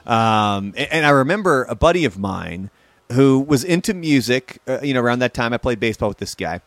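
A man co-hosting a podcast in a relaxed casual chat, recounting anecdotes and reading out facts. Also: mid-range voice, a little fast, no echo. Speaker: podcast co-host.

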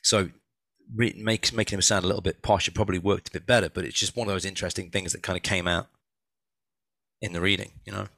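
Gravelly, bright-voiced man chatting. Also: sits low, quick pace, no room sound. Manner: animated, rambling, many restarts, laughs often. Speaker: author and audiobook narrator, guest. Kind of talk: casual conversation.

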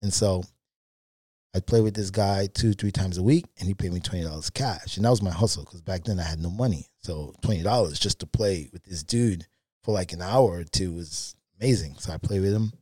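A man as a podcast guest, telling candid personal anecdotes in a casual, animated way with frequent fillers. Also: low-pitched, fairly quick, breathy edge, no room sound. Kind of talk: casual storytelling.

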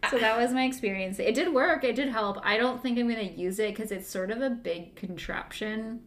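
A woman's voice: a little high, brisk. A woman co-hosting a podcast, telling a story in casual chat with many fillers and frequent laughs. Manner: giggly storyteller, lots of "like" fillers. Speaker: podcast co-host.

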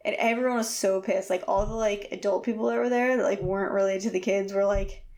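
A woman in casual conversation, rambling through a story with many fillers and animated quotes. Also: mid-range voice, fast talker. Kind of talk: casual chat.

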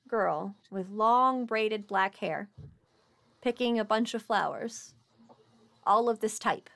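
A woman game master narrating a streamed tabletop game, animated and quick when signing off. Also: medium pitch, vocal fry. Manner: animated, quick sign-off with laughter.

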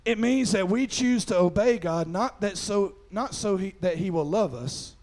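An animated middle-aged pastor speaks at a normal speed in a high-sitting voice. His sermon runs on a folksy personal story laced with frequent "amen"s, and it rises to loud preaching.

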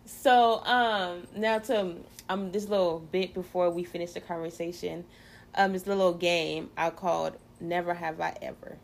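A woman's voice: fairly low pitch, steady tone, unhurried, creaky, slight background noise. A woman hosting a casual faith chat, talking in a chatty, playful way with many fillers. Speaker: podcast host.

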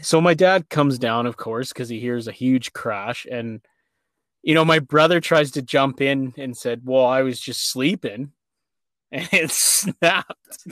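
A man's voice: mid-range voice, dry recording, clean studio sound. Laughing man telling a childhood story. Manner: animated, laughing, frequent fillers. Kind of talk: casual storytelling chat.

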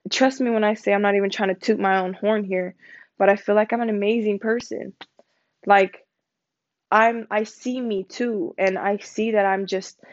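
A young woman talking candidly in a casual vlog, rambling with lots of "like" and freely swearing. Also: mid-range voice. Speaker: vlogger. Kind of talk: casual personal vlog monologue. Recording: dull lo-fi recording with faint noise.

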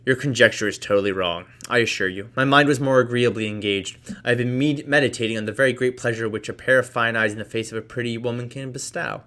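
Guy reading a stuck-up young gent, cold and curt, quick delivery. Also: mid-range voice, a bit bright, lightly acted. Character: proud, aloof young gentleman.

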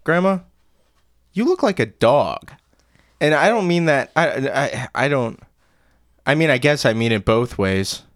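A man's voice: a little high, lively intonation, measured pace, long pauses, fairly bright tone, no room sound, studio quality. A man improvising as a naive young girl, talking in a rambling, joking way and cutting in on others. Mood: blunt. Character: naive young girl, Little Red Riding Hood.

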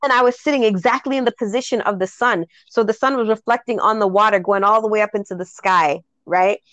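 A woman's voice: mid-range voice, quick pace, fairly bright tone, no echo, lo-fi sound. A woman hosting a casual spiritual podcast, telling heartfelt stories and laughing often. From Jamaica. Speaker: podcast host.

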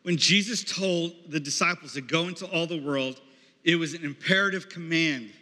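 A man's voice: on the high side, moderate pace, pushed and bright, slight background noise. A man leading a campus ministry, preaching in a conversational way and calling on people in the audience. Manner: conversational, calls on audience members. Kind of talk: sermon. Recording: echoey hall.

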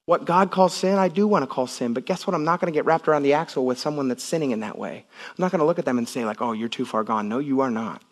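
A male pastor preaching in an animated way, his voice sitting somewhat high for a man. He builds up to loud, intense passages, then drops down to soft, quiet lines. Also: fast talker. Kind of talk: sermon. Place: church.

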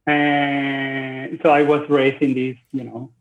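A man in his forties from Venezuela, a podcast guest speaking slowly and hesitantly with many fillers. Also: medium pitch, little pitch movement. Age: 40s. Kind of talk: casual interview conversation. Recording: dull lo-fi recording.

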